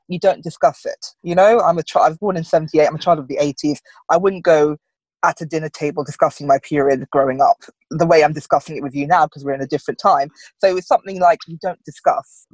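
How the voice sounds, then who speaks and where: A woman in her forties chatting as a guest in an interview, lively and quick to laugh. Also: deep voice, no echo, poor audio. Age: 40s. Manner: lively, laughs often, acts out voices in anecdotes. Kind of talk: casual interview chat.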